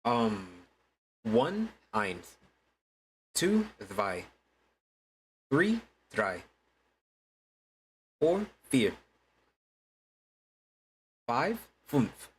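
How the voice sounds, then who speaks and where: A man's voice: medium pitch, sing-song, very slow, pauses often, slightly rough, rough recording. A man chatting casually to his viewers during a game stream, laid-back and swearing freely. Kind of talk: casual gaming stream chat.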